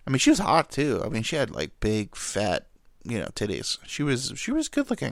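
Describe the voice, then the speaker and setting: Rambling young man, lively pitch. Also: normal speed, no room sound, clean studio sound. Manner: rambling, stammering, casual swearing. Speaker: podcast host. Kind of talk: rambling comedic monologue.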